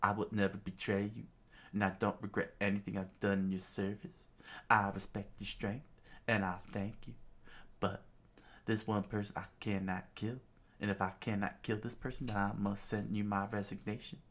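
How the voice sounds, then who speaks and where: A man's voice: lowish voice, level tone, moderate pace, fairly bright tone. A man voicing a tearful, loyal pirate commander who speaks in a pleading, strained way. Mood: regretful.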